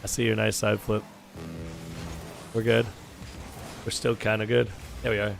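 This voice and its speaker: A young man with a hoarse, sore throat, chatting casually with viewers while streaming a game and swearing freely. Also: fairly low pitch, level tone, a little slow, faint music behind. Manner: chatty, swears freely, calls people dude. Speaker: gaming streamer. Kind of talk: casual gaming chat with viewers. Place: home gaming setup.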